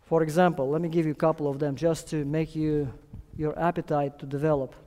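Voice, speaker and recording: An earnest man preaching a sermon in a church, with a slightly raised voice. He stresses key phrases, pushing up in pitch and force and slowing right down. The sound carries a long reverb from the hall. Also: level tone, mellow. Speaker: guest preacher.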